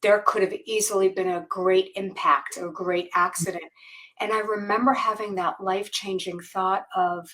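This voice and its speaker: Woman, podcast guest, candid personal story, halting speech, frequent fillers and restarts. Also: mid-range voice, steady tone, a bit bright. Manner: candid, halting, many fillers and restarts, laughs while telling. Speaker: guest author.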